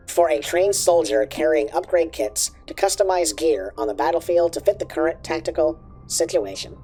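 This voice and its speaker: A man's voice: a little high, a little mellow, husky, pitched above the performer's own voice, exaggerated voice. A man reading encyclopedia entries aloud through an alien voice filter, with small slips and restarts. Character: filtered alien-sounding reader, male, calm. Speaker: streamer reading codex entries.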